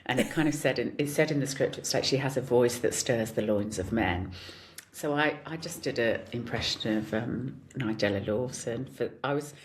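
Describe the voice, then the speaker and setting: A woman's voice: extremely low pitch, moderate pace, slight background noise. A woman in her forties, a guest actor, telling stories in casual chat and laughing often. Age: 40s. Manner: animated storyteller, laughs often.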